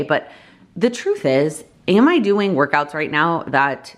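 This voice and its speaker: A woman's voice: lowish voice, big pitch swings, a little slow, a bit bright. A woman in her thirties, a mother, chatting in a rambling, casual way at home, full of fillers and self-corrections. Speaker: vlogger, mother. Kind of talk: casual rambly vlog talk. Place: home, kitchen table. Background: baby toy noises.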